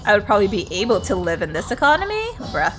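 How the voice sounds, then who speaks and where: A woman's voice: medium pitch, sing-song, fast, background noise. A woman streamer chatting casually during a game livestream, greeting viewers, exclaiming at the game and laughing often.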